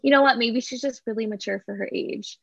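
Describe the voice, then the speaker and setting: Giggly tipsy woman with a gravelly edge. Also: a little high, brisk, no echo, muffled recording. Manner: giggly, chatty, lots of "like". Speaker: podcast co-host. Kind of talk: casual chat recapping a reality show.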